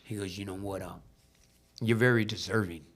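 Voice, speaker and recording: A man from Southern California in casual conversation, animated, swearing freely as he acts out both sides of a dialogue. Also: on the low side, normal speed. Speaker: podcast guest in recovery. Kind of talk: casual storytelling.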